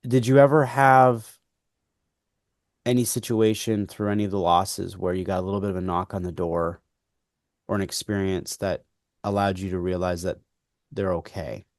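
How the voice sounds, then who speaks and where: A man hosting an interview, asking gentle, curious questions. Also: sits low, level tone, moderate pace, pauses often, dry recording, clean studio sound. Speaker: podcast host.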